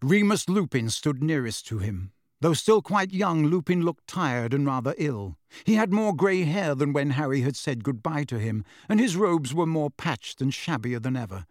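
A man reads a storybook aloud with a lively, expressive delivery. His voice sits a little high and moves freely. The recording is dry and close. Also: normal speed, few pauses, dry recording. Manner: dramatic, expressive reading. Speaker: audiobook narrator.

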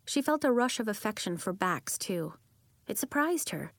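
A woman narrates a children's novel in a close, dry studio sound. Her pitch sits in the middle, and she keeps a steady storytelling pace. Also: normal speed, dry recording. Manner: acts out children's voices with lively pitch jumps. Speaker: audiobook narrator.

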